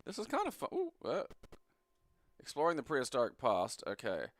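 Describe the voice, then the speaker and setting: An Australian man at an ordinary middle pitch gives loose, rambling gameplay commentary, full of swearing and sarcastic asides. He sits close to the mic in a dead, dry space with no room sound. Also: huge pitch swings, normal speed, dry recording. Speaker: retro game reviewer.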